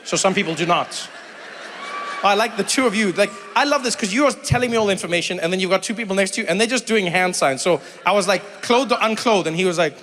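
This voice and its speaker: In a live venue full of long reverb and faint noise, a South African comedian and host talks fast in a high voice. His animated stand-up mixes storytelling, crowd chat, and impressions of other people's voices.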